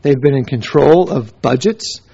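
A man's voice: medium pitch, unhurried, vocal fry, mellow, husky. Emphatic man preaching, muffled recording. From United States. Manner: emphatic, repetitive lists of short phrases. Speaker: missionary teacher. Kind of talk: sermon-style teaching with stories. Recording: dull lo-fi recording.

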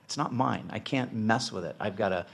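A man's voice: lowish voice, moderate pace, gravelly, husky. A Christian man earnestly describing how he values his marriage as God's will, speaking reflectively with frequent "you know" fillers. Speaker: Christian husband sharing testimony.

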